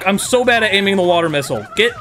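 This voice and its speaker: Excitable young man in game commentary. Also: high voice, rapid-fire. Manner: goofy, excitable, profane. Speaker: gaming streamer. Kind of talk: let's-play commentary.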